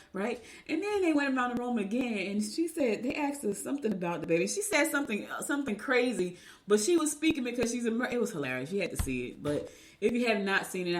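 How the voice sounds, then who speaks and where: A woman's voice: fairly low pitch, a little hiss or hum. A woman radio host reading daily horoscopes and chatting casually, rambling and laughing as she tells stories. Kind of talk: casual chat.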